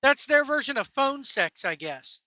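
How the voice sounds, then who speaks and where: A woman with a high, bright voice rants about wrestling from behind the wheel. She is profane and mocking, with a sarcastic edge. The sound is close and dry. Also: very animated, normal speed, dry recording. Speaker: wrestling commentary vlogger. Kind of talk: ranting reaction commentary while driving. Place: in a vehicle.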